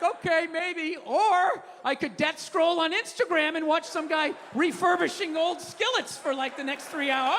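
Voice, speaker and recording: A man in his fifties works a live stand-up set with a high, bright, sharp voice, swinging from low grumbles into shouted, profane rants. The sound is roomy, with a long theater reverb and a faint crowd behind him. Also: slight background noise. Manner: animated, profane ranting with sudden shouts. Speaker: stand-up comedian. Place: comedy club stage. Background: audience laughter.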